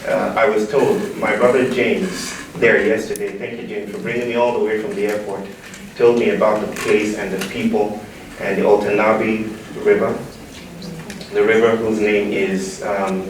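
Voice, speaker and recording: A fairly low-pitched Nigerian man speaks at a moderate pace with little pitch movement, giving a keynote where he playfully leads the audience in call-and-response. This public talk in a large room was recorded on a distant mic in an echoey hall, with background noise.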